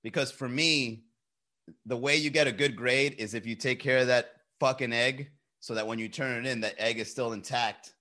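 A man's voice: medium pitch, fairly even intonation, normal speed, bright, forceful tone. A young man chatting casually on a live stream, telling loose, profane stories and laughing often.

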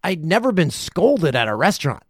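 Forties male podcast host, lively storyteller with a gravelly voice, dry close sound. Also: fairly high pitch, moderate pace, dry recording. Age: 40s. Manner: animated, profane, laughs through the telling. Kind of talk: casual storytelling.

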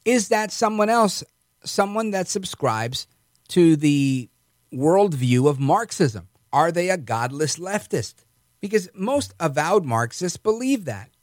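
A man's voice: high voice, no room sound, clean studio sound. A man hosting a political commentary monologue, sarcastic and mocking in a conversational way. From New York. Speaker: host.

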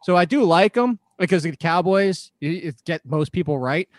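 A man's voice: high voice, lively intonation, moderate pace, no room sound, studio quality. A man co-hosting a podcast, chatting about fantasy football in an analytical way and laughing often. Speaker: podcast co-host.

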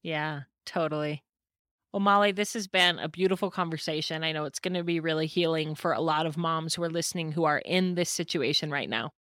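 A woman's voice: low voice, steady tone, fairly quick, a bit bright, dry recording, clean studio sound. A woman hosting a podcast interview, speaking in an affirming, encouraging way. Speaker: podcast host.

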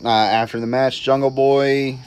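A man co-hosting a podcast, going through a wrestling card in relaxed casual chat with short replies. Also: medium pitch, unhurried, clear, resonant tone. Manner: laid-back, brief replies, reads out the match list. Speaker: podcast co-host.

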